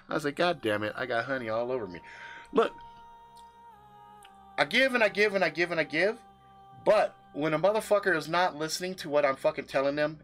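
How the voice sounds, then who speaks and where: A man's voice: fairly high pitch, a bit bright. A man venting on his livestream in a room full of his gear, casual and profane, with emphatic swearing. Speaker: livestream host.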